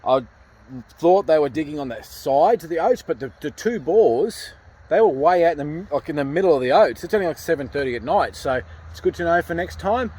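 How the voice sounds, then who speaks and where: A man's voice: fairly high pitch, animated, a little fast, a little mellow, breathy edge. An Australian man chatting casually about a pig hunt on a farm at night, rambling and laughing at himself. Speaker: pig hunter. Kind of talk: casual vlog chat.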